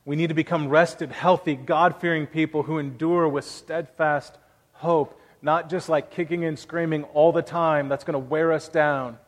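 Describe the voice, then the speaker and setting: A man in his thirties preaches with earnest, conversational warmth, weaving personal stories into the sermon. His voice sits a little high. The sound carries a long church reverb. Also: steady tone, normal speed. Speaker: pastor.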